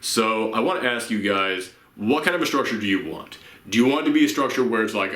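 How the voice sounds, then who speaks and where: A young man talks straight to camera, unscripted and a little rambling, tired from the late hour but earnest. His voice sits at a middle pitch with a bright, forward edge. The room around him is noticeably echoey. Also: fairly quick, hardly any pauses. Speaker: YouTube channel host. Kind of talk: casual vlog to viewers.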